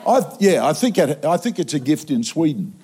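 A man preaching in a church auditorium, telling a funny story with animated delivery and sudden loud outbursts. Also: fairly high pitch, normal speed. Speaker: traveling preacher. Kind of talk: sermon.

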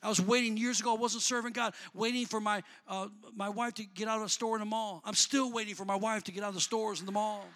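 A man preaching a sermon, talking in a plain, colloquial way to the congregation and rising to shouts before dropping back to easy talk. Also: high-pitched, steady tone, quick pace, few pauses. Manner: builds to shouting, then drops back to conversational.

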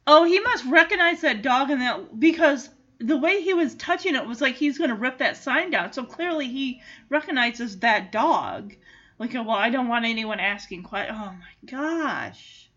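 Chatty high-voiced woman recapping a movie. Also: big pitch swings, measured pace, fairly bright tone, dull audio. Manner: chatty, amused, jumps into character voices. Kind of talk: casual movie commentary.

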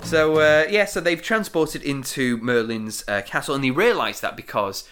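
A man hosting a casual chat, recapping a show episode with a lively storytelling manner. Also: medium pitch, normal speed, smooth, soft background music. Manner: lively storytelling with frequent laughs. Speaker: podcast host recapping the episode.

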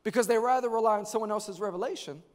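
A man from New York preaching a sermon at a church service, animated, often repeating words and rising to shouts. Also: sits high, fast. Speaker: pastor.

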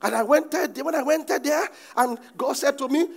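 A middle-aged man with a Nigerian accent, preaching a sermon as a pastor with animated delivery and bursts of shouting. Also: very high-pitched, a little fast, creaky, hardly any pauses.

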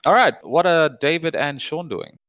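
A man running a tabletop horror game as game master, narrating in a calm, measured way that slows down for tension. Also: a little high, no room sound, lo-fi sound.

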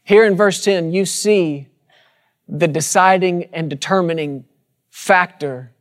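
A man's voice: high-pitched, takes it slowly. A man preaching a sermon to a congregation, using rhythmic repetition and calling out to the listeners. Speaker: pastor. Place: church sanctuary with congregation.

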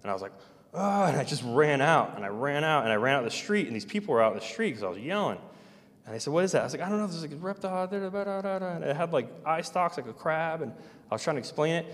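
A man telling a personal story in a rambling, halting way, full of restarts and trailing-off phrases. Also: mid-range voice, in a large hall.

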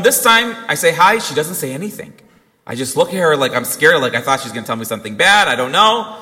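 A man's voice: a little high, bright, forceful tone. A young man, a priest, giving an earnest Christmas sermon and telling a family story with quoted dialogue. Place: church. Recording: long reverb of a church hall.

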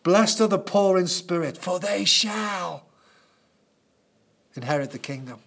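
A man voicing Jesus as a gentle, welcoming teacher, speaking tenderly. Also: high-pitched, expressive, measured pace, gravelly, full character voice.

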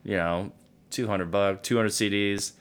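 A man's voice: lowish voice, steady tone, a little slow, clear, resonant tone. A man in his thirties, a podcast guest, telling laid-back stories in casual chat and swearing freely.

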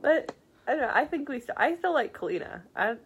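A woman's voice: high-pitched, very animated, fairly quick, slight background noise. A young woman co-hosting a podcast, easygoing and teasing in casual chat, often restarting her sentences. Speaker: podcast co-host.

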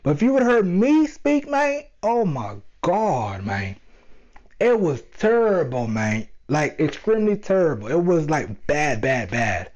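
Young guy telling a story to camera, slangy and animated, voice sits a bit high, audio kinda dull and lo-fi. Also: a little slow. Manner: animated, slangy, addresses listeners directly. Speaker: vlogger. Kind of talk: casual storytelling monologue. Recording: dull lo-fi sound.

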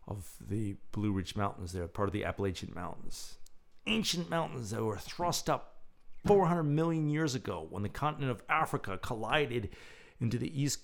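A man hosts his own show in a reflective, lyrical monologue, pausing to muse between phrases. His pitch rises and falls in a lively way as he speaks. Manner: lyrical, musing, with thoughtful pauses. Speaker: podcast host.

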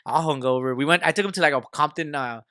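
A man's voice: on the high side, fast talker, fairly bright tone, clear, resonant tone, no room sound. A man co-hosting a podcast in a studio, telling stories in a rowdy, profane, slang-heavy casual chat. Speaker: podcast co-host.

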